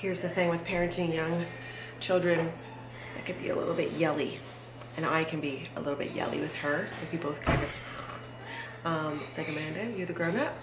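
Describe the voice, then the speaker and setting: A woman's voice: deep voice, flat delivery, moderate pace, pauses often, very noisy. A woman in her thirties, a mother, talking candidly to camera in a casual family vlog, with many filler words. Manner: candid, chatty, lots of "like" fillers. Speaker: vlogger and mother.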